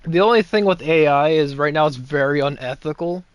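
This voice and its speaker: A man's voice: on the high side, a little fast, smooth, lo-fi sound. A young man giving casual, rambling gameplay commentary with sarcastic asides and chuckles. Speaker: gameplay streamer.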